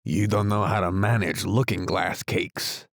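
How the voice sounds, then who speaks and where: A man's voice: deep voice, steady tone, gravelly, dry recording, studio quality. A man voicing an eager, sly male unicorn in an audiobook. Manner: eager, quick to cry out. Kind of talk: audiobook character reading.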